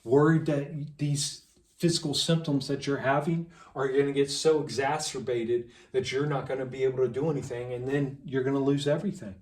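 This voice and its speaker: A man in the middle of a passionate, preachy rant, hammering on rhetorical questions and long lists of repeated phrases. His voice sits at an ordinary pitch and sounds set back from the microphone. It bounces around a reverberant room. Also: fairly even intonation, normal speed, a little mellow. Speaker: vlogger. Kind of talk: impassioned monologue to camera. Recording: echoey room, mic at a distance.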